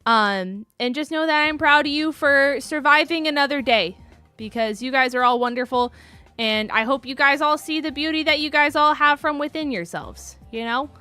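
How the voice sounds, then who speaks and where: A woman's voice: fairly high pitch, sharp tone, smooth. A young woman live streamer chatting casually and gushing thanks to her viewers. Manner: gushing, effusive thanks to chat. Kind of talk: casual chat.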